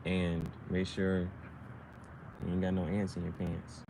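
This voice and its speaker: Man, low register, casual slangy freestyle rambler, slight background noise. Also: monotone, unhurried. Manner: loose, slangy, playful rhymes. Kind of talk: casual rhyming monologue.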